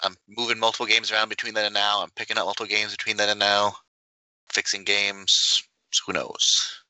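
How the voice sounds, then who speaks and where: Low-voiced male co-host with a sharp, bright tone and dry sound; relaxed, dry delivery. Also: fairly quick, clear, resonant tone, no echo, low-quality recording. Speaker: podcast co-host. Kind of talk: casual podcast chat.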